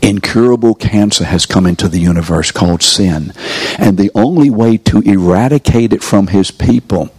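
In this sermon, a preacher teaching a course addresses a live audience in a room, challenging them with rhetorical questions and encouraging them to speak up. His voice is lowish and darkish, recorded without echo.

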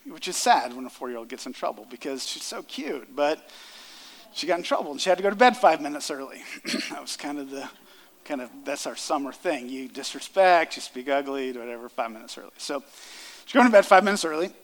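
A man in his thirties preaching a sermon, earnest, rising loud on key lines and dropping soft. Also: a little high, animated, fairly quick. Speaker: pastor. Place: church sanctuary. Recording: long hall reverb.

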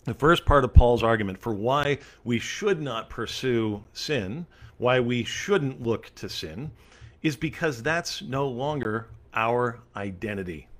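A man's voice: mid-range voice, fairly bright tone. A male pastor leading a Bible study, reading scripture aloud and then explaining it earnestly and emphatically, with casual fillers along the way.

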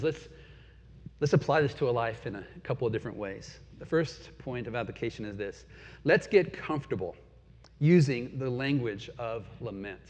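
A man's voice: medium pitch, darkish tone. A man in his forties preaching a sermon as pastor, earnest, swelling and dropping in force. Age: 40s. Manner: earnest, rising and falling in force. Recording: dull sound with long hall reverb.

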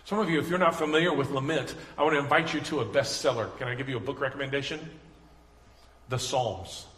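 A man's voice: medium pitch, fast talker, fairly bright tone. A man preaching a sermon as pastor, conversational and earnest, building to emphatic passion. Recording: echoey hall reverb.

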